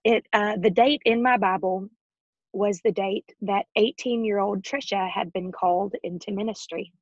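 A woman's voice: mid-range voice, steady tone, moderate pace, no room sound, highs cut off. A woman in her thirties telling a personal faith story as an interview guest, earnest and emotional, laughing often and close to tears. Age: 30s.

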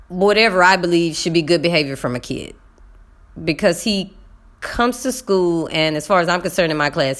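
A woman teacher telling her viewers a classroom story in a casual, animated way, acting out voices and speaking to them as y'all. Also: low voice. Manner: animated, talks to viewers as y'all, acts out dialogue. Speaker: middle school teacher.

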